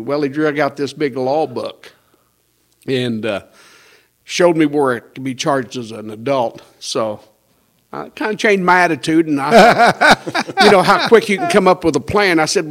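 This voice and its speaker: A man's voice: a little high, normal speed, fairly bright tone. A man, a pastor telling his life testimony in a folksy, conversational way, acting out the lines of the people in his story and chuckling now and then. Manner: storytelling with quoted dialogue and chuckles.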